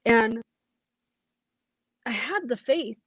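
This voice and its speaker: A woman's voice: on the high side, lively intonation, extremely slow, husky, no room sound, lo-fi sound. A woman, a police academy cadet, tells her personal testimony in an earnest, emotional way, often restarting her sentences.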